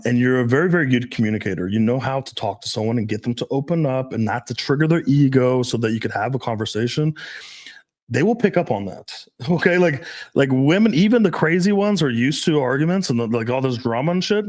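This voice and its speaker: Guy chatting on a podcast, mid-pitch voice, swears a lot, lots of likes and ums, laughs a bunch. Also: a little mellow. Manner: loose and profane, many fillers, laughs often. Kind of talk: casual podcast chat.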